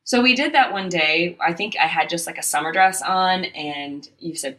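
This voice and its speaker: A woman co-hosting a candid conversation, talking openly about her own experiences in a lively, storytelling way. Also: lowish voice, a little fast, hardly any pauses. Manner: open, confessional, animated storytelling. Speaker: podcast co-host. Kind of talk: candid casual chat.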